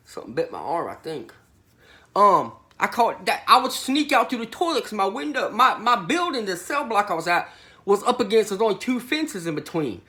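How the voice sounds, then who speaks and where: Animated rambling man telling tall tales. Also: sits high. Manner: rambling, slangy, keeps saying literally. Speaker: satirical prison storyteller. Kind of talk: comedic monologue to camera.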